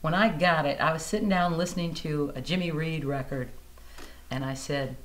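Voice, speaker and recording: A woman blues singer chats in a casual interview, her voice sitting a little low. She tells stories in an animated way and acts out the people she quotes. She is recorded indoors at a music museum. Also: a little fast.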